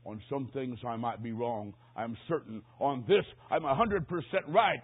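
Husky preacher on a tinny line. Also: male voice, medium pitch, normal speed, hardly any pauses. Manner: swings from hushed to loud emphatic preaching. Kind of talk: sermon with dramatic storytelling. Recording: tinny phone-like sound.

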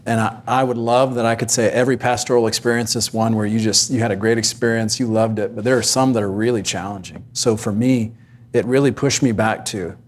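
A man's voice: fairly low pitch, steady tone, fairly quick, a little hiss or hum. A man, a pastor, candidly sharing a personal story of hardship on a Christian panel. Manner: candid, reflective.

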